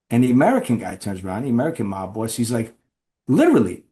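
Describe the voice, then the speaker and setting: A man's voice: mid-range voice, big pitch swings, fast talker, warm tone. Rambling man telling stories as a guest. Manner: rambling, with frequent restarts and tag questions. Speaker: podcast guest, former FBI undercover informant. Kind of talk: conversational storytelling.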